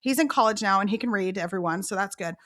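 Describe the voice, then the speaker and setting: A middle-aged woman, an author guest telling animated stories and acting out quotes. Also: mid-range voice, fast talker. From Texas. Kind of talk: storytelling interview.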